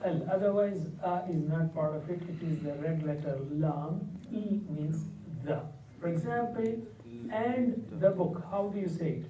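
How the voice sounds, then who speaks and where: A male Arabic teacher leading a classroom lesson, patiently repeating words slowly and quizzing his students. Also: on the high side, mellow, a little hiss or hum. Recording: echoey dull room sound from a distance.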